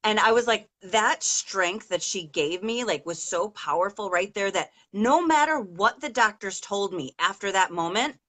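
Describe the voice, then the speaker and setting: A woman's voice: mid-range voice, expressive, normal speed, hardly any pauses, fairly bright tone. A middle-aged woman interviewing a guest on a casual call, telling a long personal story in a rambling, emotional way with many fillers. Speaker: interviewer, mother of an injured daughter.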